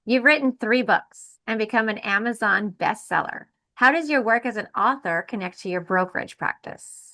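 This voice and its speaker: A woman's voice: fairly high pitch, moderate pace, bright, forceful tone. A woman hosting an interview, asking brief, encouraging questions. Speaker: interview host.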